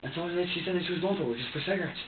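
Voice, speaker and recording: Halting man in an echoey interview room. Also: high-pitched, recorded from a distance, noisy background. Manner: halting and repetitive, many fillers and restarts. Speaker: suspect being questioned. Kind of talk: police interrogation, recounting events. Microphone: distant room recorder. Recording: tinny lo-fi, echoey room, off-mic.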